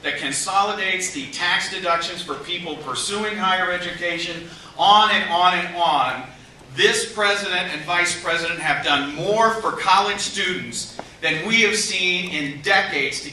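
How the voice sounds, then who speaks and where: A man's voice: sits high, bright, forceful tone. A man from Iowa giving a campaign rally speech and leading the crowd in chants. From Iowa, USA. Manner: rousing, leads crowd chants. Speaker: congressman introducing speakers. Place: large room with a crowd. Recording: echoey hall, from far off, crowd noise.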